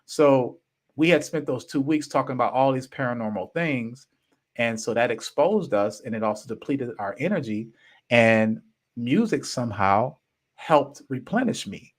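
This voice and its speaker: A man in his fifties tells a personal story on his podcast, animated and emphatic. His pitch sits in a plain middle range. He speaks in casual slang, pressing hard on key words. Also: normal speed. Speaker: podcast host.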